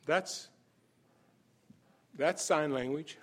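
A man preaching a sermon, telling the story with chuckles, emphatic exclamations and shifts between soft and loud passages. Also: fairly high pitch, very slow.

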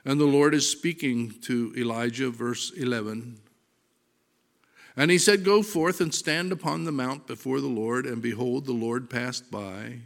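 A man preaching a sermon, reading scripture aloud with deliberate emphasis, swelling loud on verses and dropping soft and low. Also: vocal fry. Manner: slow, deliberate delivery, rising loud on verses and dropping to near-whisper.

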